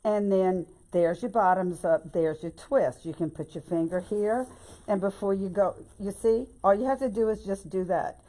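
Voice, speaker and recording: A woman's voice: mid-range voice, moderate pace, mellow. Chatty woman teaching crafts. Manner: chatty, folksy, repeatedly addresses viewers as "y'all" and "babe". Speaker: bow-making instructor. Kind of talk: casual live-stream craft tutorial.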